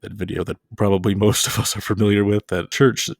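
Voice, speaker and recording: A man's voice: lowish voice, little pitch movement, a little fast, dry recording, clean studio sound. A man giving a casual video lecture, dropping playful jokes and mock-scary asides.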